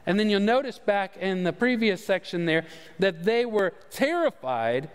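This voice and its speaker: A man's voice: high voice, sing-song, normal speed, clean tone. A man giving a conversational sermon as pastor, with easy fillers and repeated words. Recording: long hall reverb.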